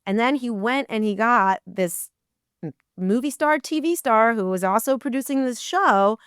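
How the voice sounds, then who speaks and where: Woman, guest storyteller; animated, acts out the dialogue, smooth resonant voice, dry close sound. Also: fairly high pitch, normal speed, no echo. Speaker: guest, burlesque performer. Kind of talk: casual storytelling in a podcast interview.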